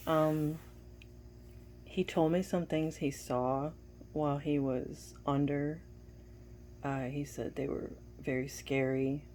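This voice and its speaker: A woman's voice: low-pitched, level tone, slow, pauses often, mellow, a little hiss or hum. A woman giving a casual personal update to viewers, telling a story and retelling dialogue with bits of laughter. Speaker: wife giving a family update.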